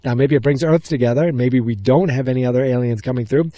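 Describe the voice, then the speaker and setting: Excited man rambling through a movie recap. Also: medium pitch, quick pace, dry recording, studio quality. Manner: excited, rambling retelling of scenes. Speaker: podcast host.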